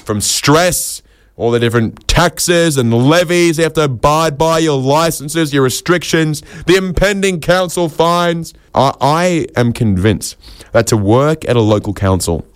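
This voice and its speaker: A man delivering a rambling comic monologue full of quick asides and self-mocking jokes. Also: fairly high pitch, expressive, clean tone, no room sound, studio quality. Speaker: comedian host.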